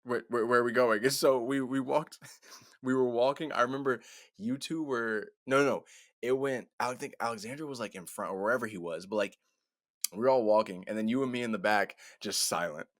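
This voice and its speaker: A young man in his twenties, co-hosting a podcast and telling a story in casual chat, animated, laughing and repeating "I was like". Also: mid-range voice, a little fast, no room sound, studio quality. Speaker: podcast co-host.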